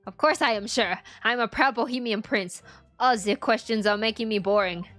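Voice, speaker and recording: A woman's voice: on the high side, normal speed, fairly bright tone, faint music behind, lightly acted. Woman doing a bratty boy prince, fake french-ish accent, stiff broken english, whiny and proud. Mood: pompous. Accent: put-on French-like foreign accent. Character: spoiled pompous boy prince, boastful and petulant.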